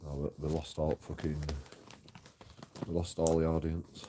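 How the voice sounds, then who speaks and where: A man's voice: a bass voice, little pitch movement, a little slow, noisy background. A man ranting and complaining in a rambling story-time vlog, swearing often and trailing off into mumbles. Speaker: YouTube auditor vlogger.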